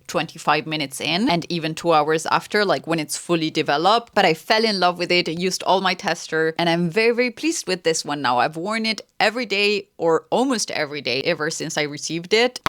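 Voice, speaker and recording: A young woman talking in a casual, enthusiastic vlog about things she bought and was given, her pitch swinging a lot. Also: dry recording, studio quality. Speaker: fashion vlogger.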